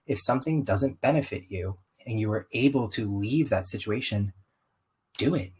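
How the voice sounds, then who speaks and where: A young man with a faint Southern twang tells his own story as an interview guest. His voice sits a bit low with a husky edge, and he talks in a loose, animated way, slipping into other people's voices for quotes. Conversational and candid throughout. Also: normal speed, low-quality recording. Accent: slight Southern US. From US, Southern-ish family. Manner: animated, frequent "like" asides, acts out quotes. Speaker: podcast guest.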